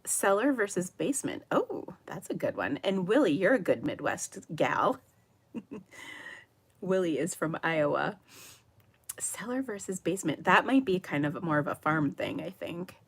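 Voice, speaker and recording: A woman's voice: on the low side, sing-song, unhurried, husky. Giggly, chatty woman. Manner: giggly, chatty, rambling with many ums. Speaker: livestream host of a papercraft show. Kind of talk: casual live chat reading viewer comments.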